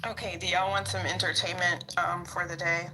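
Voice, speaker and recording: A blunt, sassy woman hosts a casual podcast and talks straight to her listeners. Her voice sits a little low but sounds very bright and sharp. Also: flat delivery, normal speed, slight background noise, rough recording.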